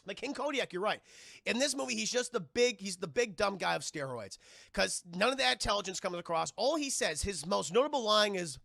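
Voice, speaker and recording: A man giving a casual live-stream film review, animated and profane, talking straight to his chat. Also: high-pitched, brisk, vocal fry, dry recording.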